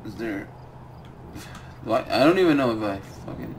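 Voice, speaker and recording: A man's voice: mid-range voice, animated, moderate pace, a little hiss or hum. A young man streaming a game, ranting and swearing about the loot he gets. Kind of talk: live gaming commentary.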